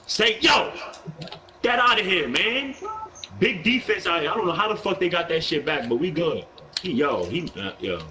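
A man's voice: a little high, very animated, moderate pace, noisy background. A young man with a New York accent, live-streaming a basketball video game, talking in brash, profane trash talk with an aggressive edge. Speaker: gaming streamer.

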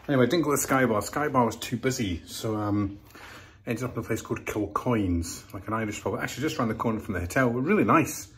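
A man's voice: medium pitch, fairly quick, fairly bright tone, a little hiss or hum. A man, chatting casually to viewers in a travel vlog. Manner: chatty, addresses viewers as folks. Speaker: travel vlogger.

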